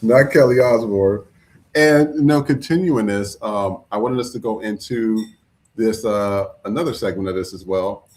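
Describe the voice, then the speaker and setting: A man's voice: fairly low pitch, moderate pace. A man hosting a podcast, talking casually with fillers as he sets up the next segment. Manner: relaxed, fillers, introduces segments. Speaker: podcast host.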